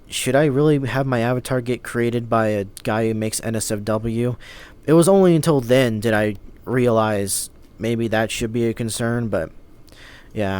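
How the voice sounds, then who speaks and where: A man recounts his story in a loose, rambling vlog, his voice sitting at an ordinary middle pitch. He sounds fed up, peppering his talk with swearing and restarting his sentences as he goes. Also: clean tone. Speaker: vlogger.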